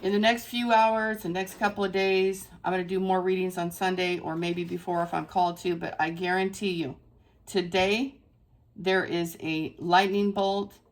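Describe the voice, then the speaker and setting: A woman's voice: fairly low pitch, flat delivery, moderate pace. Effusive woman giving a tarot reading. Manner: effusive and emphatic, repeating phrases for stress. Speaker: tarot reader. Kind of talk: casual spiritual tarot reading to camera.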